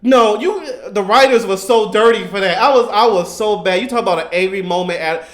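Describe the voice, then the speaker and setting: Excitable high-voiced man ranting about a show. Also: brisk. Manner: excitable, rambling, quotes characters in raised voice. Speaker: YouTuber reacting to anime. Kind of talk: casual animated storytelling.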